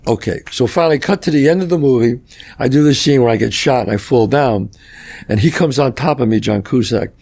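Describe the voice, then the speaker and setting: A man telling animated stories in a casual podcast chat, acting out dialogue and swearing freely. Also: medium pitch, brisk. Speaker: guest actor telling stories.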